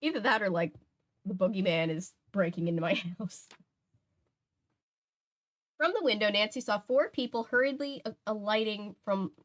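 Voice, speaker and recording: A woman reading a mystery novel aloud at home, chatty, stopping to correct herself and add asides. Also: medium pitch. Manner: chatty, laughs, restarts, self-corrects. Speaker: book reader. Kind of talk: casual read-aloud with asides.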